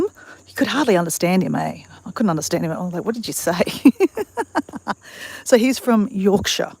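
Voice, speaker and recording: A woman's voice: mid-range voice, a little mellow, no echo, poor audio. A woman talks in a bubbly, chatty way as she hosts a live stream on a walk. She speaks into a phone she holds herself, out of doors on a bushland boardwalk. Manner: bubbly, chatty, laughs often. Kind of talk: casual live-stream vlog.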